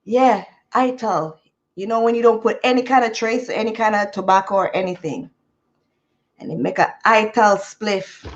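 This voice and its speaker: A woman's voice: medium pitch, moderate pace, muffled recording. A woman telling a rambling story to her live chat in a chatty way, laughing easily. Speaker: vlogger.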